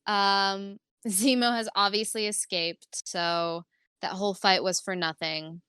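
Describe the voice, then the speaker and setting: A woman's voice: medium pitch, level tone, takes it slowly, sharp tone, smooth, no echo, studio quality. A woman co-hosting a podcast, chatting casually and enthusiastically about a TV episode, laughing often and rambling with fillers. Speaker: podcast co-host. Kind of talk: casual TV recap chat.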